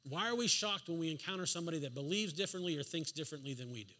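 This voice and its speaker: A man races through a sermon in a church sanctuary, his slightly high voice expressive and sharp. Rhetorical questions land with emphasis, and now and then he adds a dry, sarcastic aside.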